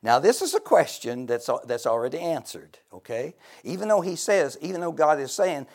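A man preaching a fervent sermon who swings between hushed, intimate talk and loud shouts, with frequent laughter. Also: fairly high pitch, very animated, normal speed, few pauses.

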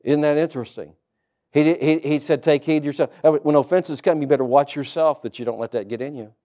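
A male pastor preaching a sermon, reading scripture aloud and rising into loud, fervent preaching. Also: fairly high pitch, fairly quick.

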